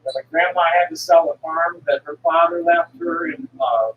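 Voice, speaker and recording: A woman in her sixties who sells herbal medicine on the road speaks in a low voice at a moderate pace, the audio narrow and tinny with slight background noise. Her monologue rambles and digresses, full of restarts, and she's blunt, now and then dropping a curse. She was recorded from some distance in an echoey room with faint ambience.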